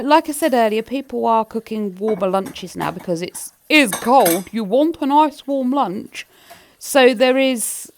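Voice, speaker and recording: Lady chatting away while she cleans, bit of a gravelly creak in her voice. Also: mid-range voice. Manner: chatty and rambling, talks to viewers. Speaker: cleaning vlogger. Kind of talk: casual chat to camera while cleaning.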